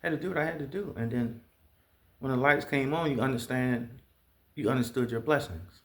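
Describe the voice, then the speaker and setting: A man telling stories in a casual monologue, profane and animated, imitating the sounds he describes. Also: medium pitch, a little fast. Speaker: vlogger.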